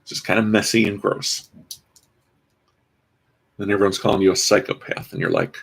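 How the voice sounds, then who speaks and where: A man's voice: lowish voice, steady tone, normal speed, creaky, pauses often, a bit bright, slightly rough. A man casually commenting as he builds a toy kit, rambling with dry, self-mocking asides. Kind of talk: casual live-stream commentary.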